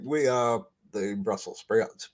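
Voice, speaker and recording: Guy rambling through an ad lib at an open mic, slow and halting. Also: on the low side. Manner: rambling, halting, with many fillers. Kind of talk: casual stand-up ad lib.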